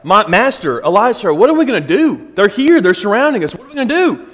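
A man's voice: high voice, big pitch swings, fast, a bit bright, pitched above the performer's own voice, exaggerated voice. A man voicing a frightened young servant who pleads with his master in a rising, breathless voice. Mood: panicked. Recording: long hall reverb.

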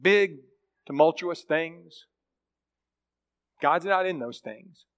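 Man, high voice, preacher, sermon, conversational, reads scripture then explains. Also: expressive, takes it slowly, fairly bright tone. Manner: conversational, asks the listeners questions.

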